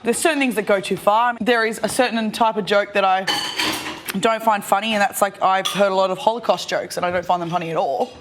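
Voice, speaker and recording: A woman's voice: medium pitch, fairly even intonation, fairly quick, background noise. A woman with an Australian accent talking casually at a dinner table, rambling with lots of fillers. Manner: casual rambling, many likes. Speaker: housemate.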